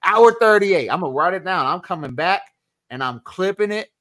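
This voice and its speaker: Animated preaching man on a podcast. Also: sits high, moderate pace. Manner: animated, preachy, acts out quotes. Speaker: podcast host. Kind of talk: casual chat.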